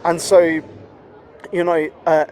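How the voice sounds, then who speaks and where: Guy rambling on a podcast, kinda high pitched, swears a lot, tons of you know and like. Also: flat delivery, slow pace, darkish tone, a little hiss or hum. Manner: blunt, swears freely. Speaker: podcast guest. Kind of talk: casual interview conversation.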